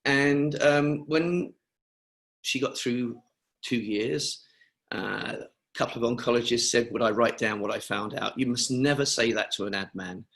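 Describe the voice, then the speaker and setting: A man's voice: mid-range voice, unhurried, creaky, a bit bright. An older man from England, telling anecdotes at length in a rambling, chatty way on a video call interview. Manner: chatty, rambling, with frequent fillers and restarts. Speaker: interviewee, cancer charity founder. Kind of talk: webinar interview, anecdotal storytelling.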